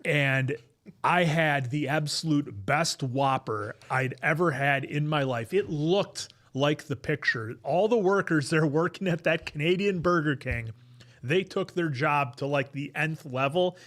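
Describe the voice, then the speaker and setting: Casting: slightly high-voiced male podcast co-host, rambling casual chat. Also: measured pace, fairly bright tone. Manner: rambling, reads viewer super chats aloud.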